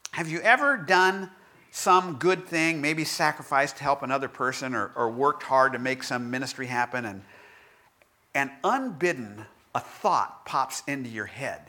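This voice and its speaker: Man, pastor-style devotional talk, self-deprecating, halting restarts, bright tone. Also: on the high side. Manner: candid, self-deprecating storytelling; halting restarts and filler words.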